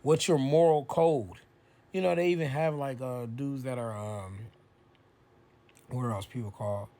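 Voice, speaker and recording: A man giving an informal bible lesson, reading verses slowly and aloud, then explaining them in loose, casual speech full of "right?" and "man.". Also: medium pitch, fairly even intonation, dark tone. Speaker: bible teacher.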